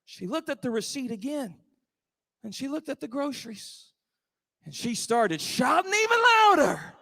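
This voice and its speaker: A male pastor telling a sermon story at a rally, building up to shouts. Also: extremely high pitch, big pitch swings, a little slow, gravelly. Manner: preachy, rising to shouts.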